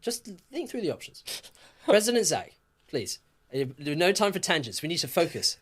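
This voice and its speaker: Male podcast co-host; casual, animated history storyteller who jokes and swears. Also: a little high, moderate pace. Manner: lively, jokey, swears, laughs often.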